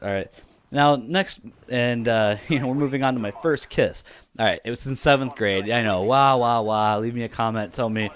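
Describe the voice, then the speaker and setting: A man's voice: mid-range voice, a bit bright. A man in his twenties telling funny personal stories to his viewers in a casual, chatty way, often laughing and saying "you know". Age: 20s. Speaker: vlogger. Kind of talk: casual storytelling to camera.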